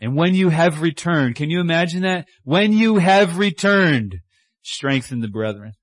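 A male preacher telling a story in a sermon. He is animated and plays out the voices in his story, and he sinks to a hushed tone for the tender lines. The sound is dry and close, with no room echo. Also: on the high side, a little slow.

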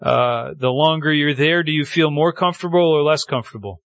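A man's voice: brisk, no echo, lo-fi sound. A man preaching a sermon, telling the story with feeling and acting out the quoted lines. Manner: animated storytelling, acting out quotes with pitch swings. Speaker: pastor.

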